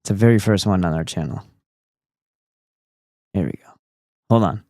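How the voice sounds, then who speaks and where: A man's voice: low-pitched, normal speed, mellow, dry recording. A man hosting a casual livestream, talking in a goofy, profane and rambling way. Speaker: streamer host.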